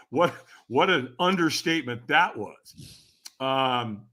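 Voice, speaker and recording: A man as a podcast guest, telling a personal story in a casual, animated way, laughing often and acting out what others said. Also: on the high side, takes it slowly. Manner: animated, laughs often, acts out quoted voices.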